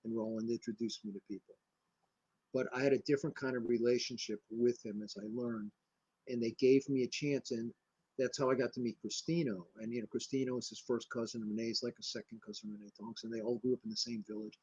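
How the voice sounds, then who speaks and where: An older man from Connecticut, a martial arts grandmaster, telling rambling, animated anecdotes in a casual interview. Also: medium pitch, brisk, breathy edge, lo-fi sound. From Connecticut, USA.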